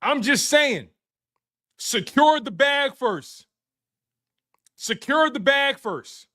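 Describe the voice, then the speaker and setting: Man, high voice, sports show host, casual repetitive banter with viewers. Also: very slow. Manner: animated, repetitive, playful trash talk to chat. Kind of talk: casual live-stream sports talk.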